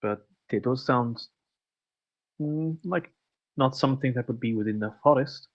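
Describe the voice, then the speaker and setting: A man voicing a formal-spoken fantasy adventurer in a put-on French-sounding accent, slow and halting. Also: mid-range voice, muffled recording. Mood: measured. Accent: unintended French-sounding put-on accent. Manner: slow, halting, formal speech without contractions.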